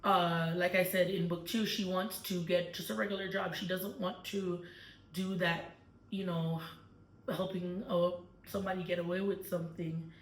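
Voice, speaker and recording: A woman with a fairly low voice retells a book in a relaxed chat, full of ums and likes. She sits a little away from the mic in an echoey room. A faint hum of ambience runs behind her. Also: normal speed, distant mic. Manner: chatty storytelling with many fillers. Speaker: book club host. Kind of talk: casual book discussion.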